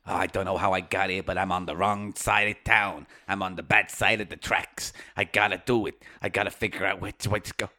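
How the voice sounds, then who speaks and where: A man voicing a lost streetwise British man who speaks in a low, hushed, dramatic way. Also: steady tone, a little fast, few pauses. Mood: uneasy.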